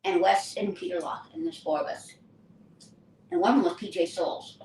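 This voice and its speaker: An older woman, an actress, recounting her career in a lively, anecdotal interview style. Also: lowish voice, normal speed, a little hiss or hum. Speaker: actress and guest. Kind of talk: casual interview storytelling. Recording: roomy distant mic with faint ambience.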